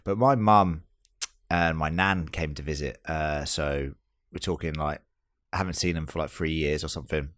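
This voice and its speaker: A man's voice: extremely low pitch, normal speed, a bit bright, no room sound, clean studio sound. A man in his thirties hosting a casual podcast chat, bantering and swearing freely. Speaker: podcast host.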